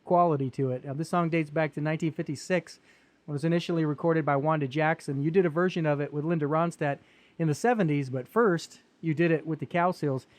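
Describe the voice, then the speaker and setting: A man's voice: on the high side, no room sound. A man hosting a music interview podcast, asking questions and introducing a song. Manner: quick, chatty questions and setups. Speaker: podcast host.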